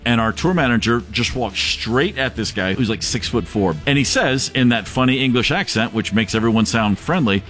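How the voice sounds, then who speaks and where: A man casually telling a story from touring with his band, animated and acting out the voices of the people in it. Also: mid-range voice, moderate pace, few pauses, soft background music. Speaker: rock drummer telling a tour story.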